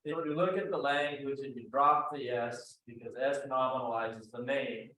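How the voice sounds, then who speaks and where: A man on a public panel explains things in a measured, patient way. The room rings with heavy echo, and a faint background noise sits under his voice. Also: medium pitch, bright, forceful tone, distant mic. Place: museum event room.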